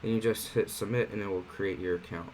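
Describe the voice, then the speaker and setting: Low-voiced man giving a casual tutorial. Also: brisk, slight background noise, rough recording. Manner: relaxed, conversational walkthrough with fillers. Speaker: online marketing platform host. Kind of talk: casual screen-share tutorial.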